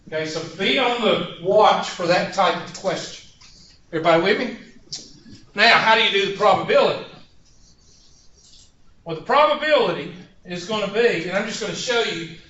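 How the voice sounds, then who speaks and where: A man's voice: high voice, sharp tone. Folksy man lecturing a math class. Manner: folksy, joking asides and anecdotes. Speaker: math instructor. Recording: roomy, dull classroom recording.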